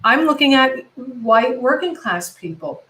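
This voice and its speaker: Woman, American, middle-aged, passionate, rambling, self-correcting, fairly high voice, video call. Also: lively intonation, unhurried, a bit bright, poor audio. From United States. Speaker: comedian guest. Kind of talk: casual video-call conversation.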